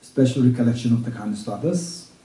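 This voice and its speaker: Very dark-voiced male teacher, roomy and distant. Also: medium pitch, animated. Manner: repeats each point slowly, as if dictating; halting restarts, checks in with listeners. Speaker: Buddhist teacher. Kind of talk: dharma teaching at a retreat. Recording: roomy room, speaker far from mic.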